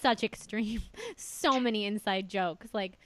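Chatty excitable young woman. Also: mid-range voice, a little slow, low-quality recording. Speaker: podcast host. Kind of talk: casual chat.

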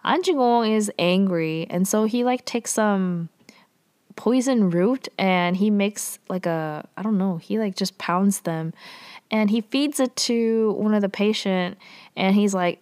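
A woman casually recapping a drama episode, chatty and full of fillers, with lively quoting. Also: medium pitch, measured pace.

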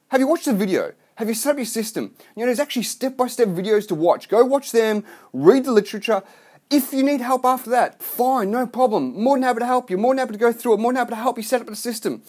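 A man's voice: sits high, darkish tone. A man delivering a blunt, profane, rambling rant to his online business followers. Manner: rambling with restarts. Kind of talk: ranting vlog monologue.

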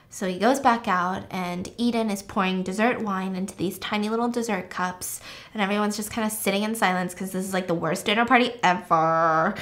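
A woman podcast host retelling a film plot in a chatty, animated way, moving between hushed and loud. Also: mid-range voice, moderate pace. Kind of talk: casual storytelling of a film plot.

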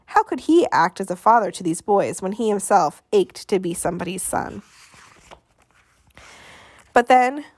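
A woman narrating an audiobook in a measured, expressive way, with dramatic pauses. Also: mid-range voice, no room sound, studio quality.

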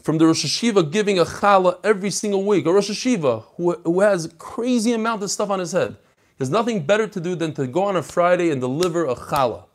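A man with a slightly higher voice, hosting a Torah class. He tells stories in an animated, chatty way and mixes Hebrew and Yiddish terms into his speech. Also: fast talker. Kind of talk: casual daf yomi class talk.

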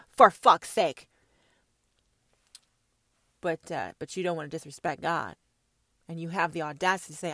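A woman's voice: a little high, no echo, studio quality. Fiery, profane woman ranting. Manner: profane, confrontational, preachy; swings from shouts to hushed whispers. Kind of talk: ranting monologue.

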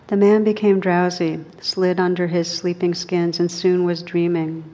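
A woman's voice: on the low side, level tone, measured pace, dark tone. A woman meditation teacher talking casually to a group with self-amused laughter, then reading a story aloud. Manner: casual, laughs at her own asides. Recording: dull recording with a long hall echo.

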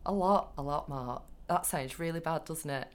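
A woman's voice: low-pitched, moderate pace. A woman talking frankly about her medical work in casual chat, laughing easily. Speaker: doctor, podcast co-host.

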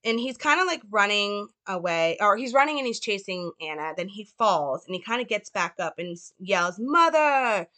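Earnest woman with a bright voice. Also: mid-range voice, expressive, normal speed, hardly any pauses. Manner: earnest, lots of fillers and self-corrections. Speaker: film commentator. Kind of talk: casual film analysis.

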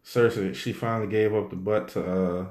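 A man co-hosting a casual chat, animated and joking, full of slang and drawn-out fillers. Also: on the low side. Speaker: podcast co-host. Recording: roomy echo.

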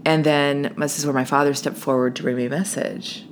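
A woman hosting a podcast, telling a personal story and dropping into a hushed, whispery voice at the tense parts. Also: low voice, fairly even intonation, a little fast, slight background noise.

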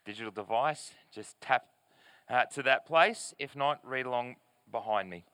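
A pastor preaching a sermon in church, reading scripture aloud and explaining it in an earnest, emphatic way with deliberate pauses. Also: male voice, mid-range voice, fairly bright tone, clear, resonant tone, no room sound. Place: church service in front of a screen.

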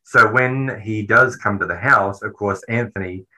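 A man's voice: lowish voice, unhurried, bright, forceful tone, low-quality recording. A man casually recapping a horror film with a co-host, rambling and swearing freely as he talks. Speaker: podcast co-host.

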